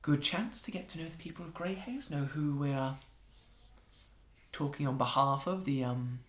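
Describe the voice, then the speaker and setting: A man voicing a soft-spoken, apologetic female archmage who talks politely and hesitantly. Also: fairly high pitch, moderate pace, close to an everyday voice. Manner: hushed, hesitant, overly polite. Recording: echoey room.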